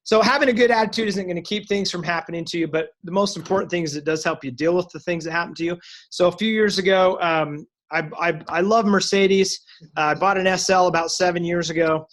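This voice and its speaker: A man with a high, fairly even voice talks fast, his tone a bit bright. He owns a salon and appears as a guest speaker, sharing upbeat motivational stories on a casual recorded call.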